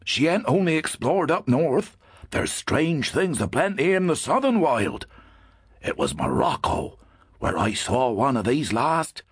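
An actor playing a wise, protective old man who speaks in an old-fashioned rustic dialect, measured and grave. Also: medium pitch, big pitch swings, slightly rough, dry recording, clean studio sound, full character voice. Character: wise old male gyptian elder, protective.

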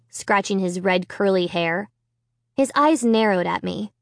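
Woman, audiobook narration, expressive, very slow, dry studio sound. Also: medium pitch, no room sound. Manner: expressive, dramatic reading. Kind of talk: first-person story narration.

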